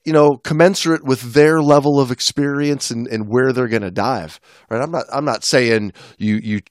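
A man's voice: medium pitch, moderate pace, no echo. Guy hosting a casual podcast, chatty and rambling, dry mic. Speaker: podcast host. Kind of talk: casual chat.

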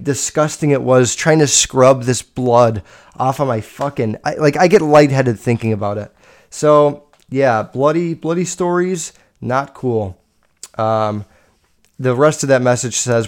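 A young man hosting a casual solo podcast, telling stories in a blunt, rambling way full of swearing, with loud bursts and low mutters. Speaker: podcast host.

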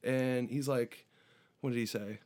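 A man in casual conversation, telling a long story with lively energy. He speaks at a middle pitch and lifts his voice when he mimics other people. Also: unhurried. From United States. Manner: animated anecdote teller, voices border guards with raised pitch. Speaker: musician guest.

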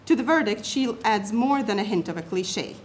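A woman's voice: mid-range voice, lively intonation, moderate pace, slight background noise. A woman presenting an academic paper, reading it aloud and setting off quotations with emphasis and asides.

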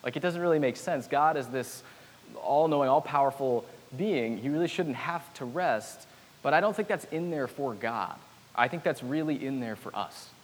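A man preaching a sermon in a relaxed, chatty way, with self-deprecating asides and humor. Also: medium pitch, normal speed. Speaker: pastor. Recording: hall reverb with faint hiss.

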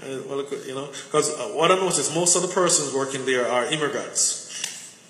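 A man's voice: mid-range voice, normal speed, fairly bright tone. A man preaching a conversational sermon full of personal stories, often repeating words as he searches for them. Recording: echoey hall with faint noise.

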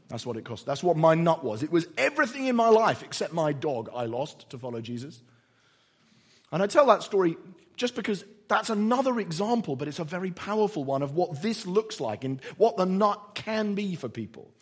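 A man's voice: medium pitch, lively intonation, fairly quick, breathy edge. A man preaching a sermon, telling stories earnestly and quoting others as he goes. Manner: earnest, storytelling, quotes others in softer voice.

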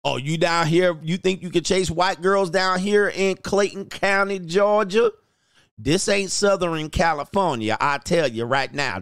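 A man voicing a bigoted, menacing old small-town judge who taunts in a slow drawl. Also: fairly high pitch, a bit bright, clear, resonant tone, no echo, studio quality. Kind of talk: mock role-play on a livestream.

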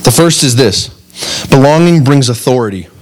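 A young adult man preaching to his congregation in a medium voice, neither high nor low. He is earnest and animated, and he keeps checking whether his listeners follow him. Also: moderate pace, a little hiss or hum. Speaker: pastor. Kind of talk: sermon.

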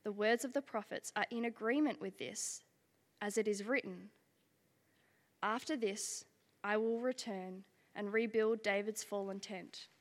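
Brief: woman lay reader, mid-pitched, measured reading, church hall echo. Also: steady tone. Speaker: scripture reader. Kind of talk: reading scripture aloud. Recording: long reverb of a large hall.

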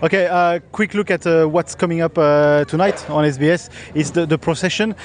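Hesitant podcast host, many fillers. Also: male voice, on the high side, steady tone, normal speed, a little hiss or hum. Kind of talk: casual podcast hosting.

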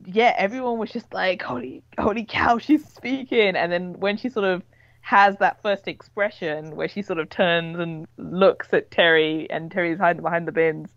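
Lower-voiced woman chatting about her comic. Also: normal speed, no echo, muffled recording. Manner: chatty, with many fillers and acted-out reactions. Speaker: webcomic artist. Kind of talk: casual podcast chat.

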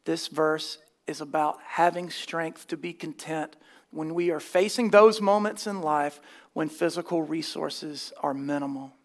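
A man's voice: fairly high pitch, a little slow. A man preaching a sermon, emphatic and dryly scornful, mixing plain teaching with wry asides. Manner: emphatic, scornful of false teaching, dry humor.

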